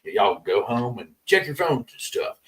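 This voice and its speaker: A man's voice: medium pitch, wildly swooping pitch, measured pace, gravelly, distant mic, full character voice. A man putting on the voice of a folksy, drawling male judge addressing a jury. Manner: easygoing, thanks the jury in a drawl.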